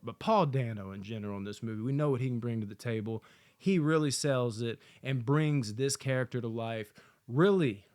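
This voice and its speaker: A man giving a casual, excited movie review, swearing often and acting out lines from the film. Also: mid-range voice. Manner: excited, profane, acts out quotes.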